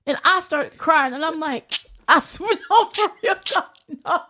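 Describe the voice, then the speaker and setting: A woman's voice: extremely high pitch, expressive, a little slow, bright, forceful tone. A woman, a podcast guest, chatting casually and bluntly, telling profane stories, quoting people in their voices and laughing often. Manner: acts out others' lines in quotes. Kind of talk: casual chat.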